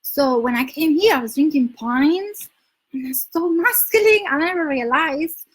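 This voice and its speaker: High-voiced chatty Spanish woman. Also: animated, unhurried, poor audio. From Spain. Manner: chatty, laughs often, reads out viewer comments. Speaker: dating advice live streamer. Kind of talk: casual live stream chat with viewers. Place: her home in London.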